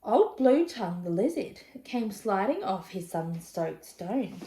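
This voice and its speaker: Expressive woman reading a picture book. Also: medium pitch, a little slow, echoey room. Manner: expressive, chatty asides to young listeners. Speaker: storybook reader. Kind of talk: children's picture book read-aloud.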